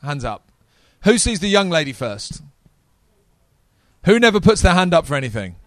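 A man preaching a sermon to a live congregation, energetic and talking straight to the audience. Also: fairly high pitch, moderate pace, no room sound.

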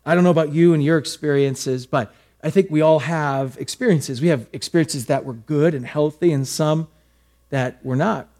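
A man's voice: a little high, normal speed, darkish tone. A male pastor preaching a sermon, telling a personal story with acted asides.

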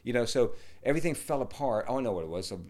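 A middle-aged man, a yoga teacher, talking in a rambling, casual way, swearing and dropping to low mutters. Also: animated, racing, darkish tone. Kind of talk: casual podcast conversation.

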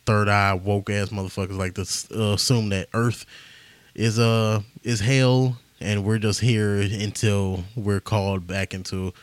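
A man's voice: on the low side, level tone, a little slow, dry recording. A young man hosting a podcast alone, rambling casually with lots of swearing and filler words. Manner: rambling, profane, laughs at himself. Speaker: podcast host.

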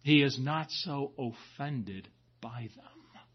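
Husky man preaching a chatty sermon. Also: medium pitch, takes it slowly, highs cut off. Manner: conversational storytelling, frequent "right?". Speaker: priest.

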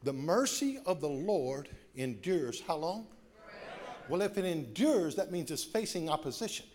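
A man pastor preaching a sermon with call-and-response, dropping soft then rising to shouts. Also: fairly high pitch, sing-song, normal speed, a little hiss or hum. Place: church sanctuary.

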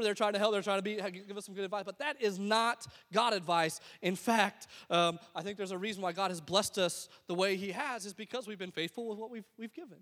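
A man's voice: on the high side, a bit bright, in a large hall. A man preaching a sermon as pastor, telling stories in a conversational way and acting out what people said. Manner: conversational storytelling with acted-out quotes.

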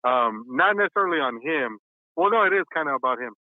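A man calling in to a show, chatting casually, halting and correcting himself with many ums. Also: fairly high pitch, animated, dry recording. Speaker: caller. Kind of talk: casual chat. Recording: tinny phone line.

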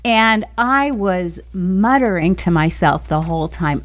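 A woman relates a personal story as a talk show guest, unhurried and measured. Her delivery is slow, with laughter slipping in between her sentences. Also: lowish voice, expressive. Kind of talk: testimony in a Christian talk show.

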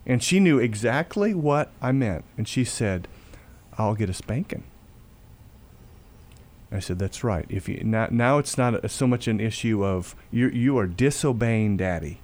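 A man hosting a faith talk show, telling a family story in a casual, halting way, often repeating words and going quiet when he quotes himself. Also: mid-range voice, lively intonation.

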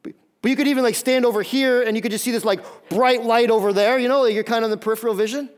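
High-voiced emphatic preacher man. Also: steady tone, very fast, clear, resonant tone. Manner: emphatic, repeats words when starting phrases. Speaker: pastor. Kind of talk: sermon.

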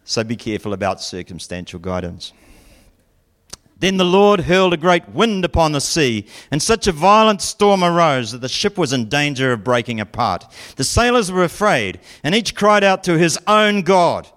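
A man's voice: fairly high pitch, sing-song, moderate pace, a bit bright. A man preaching a sermon, retelling a story with jokey asides and mock voices.

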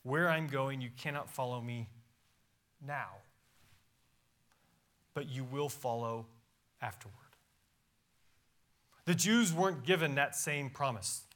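A man's voice: mid-range voice, takes it slowly, long pauses, fairly bright tone. A pastor preaching a sermon in a church, reading scripture aloud with emphatic rises and drops in his voice. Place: church sanctuary.

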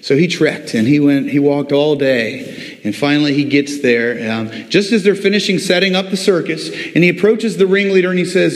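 A male pastor preaching a sermon, telling a story with animated delivery and speaking directly to his congregation. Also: fairly high pitch, moderate pace. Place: church before a congregation. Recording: long echo of a large hall.

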